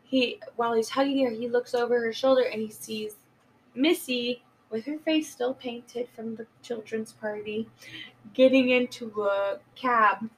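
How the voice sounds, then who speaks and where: A woman's voice: on the high side, fairly even intonation, measured pace, far from the mic, slight background noise, low-quality recording. A woman on a podcast casually retelling a movie plot, rambling with many fillers and stoned. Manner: rambling, filler-heavy retelling, acting out quotes. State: high. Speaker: podcast co-host. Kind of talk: casual movie recap chat.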